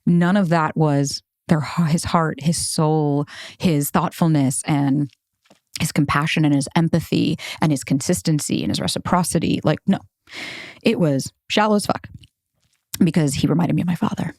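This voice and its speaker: A woman in her thirties hosts her own podcast and tells a personal story in a frank, chatty way, full of "like" and casual cursing. Her voice sits a little low for a woman and sounds close and dry, with no room around it. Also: fairly even intonation, normal speed, a little mellow, no room sound. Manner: candid, casual, swears freely, heavy use of "like". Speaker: podcast host.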